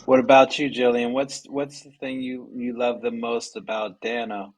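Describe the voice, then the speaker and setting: A man's voice: mid-range voice, little pitch movement, moderate pace, poor audio. A man hosting a podcast, prompting his guests with easygoing questions. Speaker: host.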